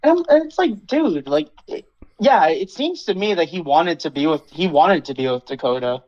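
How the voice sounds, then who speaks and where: A man's voice: fairly high pitch, normal speed, dull audio. A young man hosting a casual podcast, ranting with lots of swearing and acting out what others said. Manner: animated swearing rant, acts out quotes. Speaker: podcast host. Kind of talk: casual chat.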